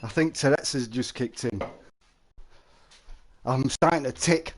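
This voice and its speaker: A man's voice: mid-range voice, measured pace, a little hiss or hum. A man streaming a fishing game live, chatting and joking with his viewers and answering their messages.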